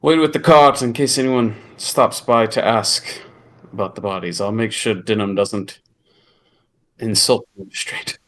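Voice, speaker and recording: A man's voice: on the low side, fairly even intonation, a little slow, fairly bright tone. A man voicing a polite, formal male dwarf adventurer in a tabletop game.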